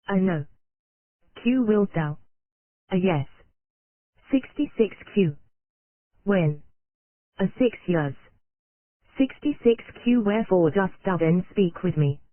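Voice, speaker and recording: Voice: medium pitch, dry recording. Synthetic-sounding narrator on a tinny line. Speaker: audiobook narrator. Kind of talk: scripted narration of a psychology book. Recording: tinny, phone-like dry recording.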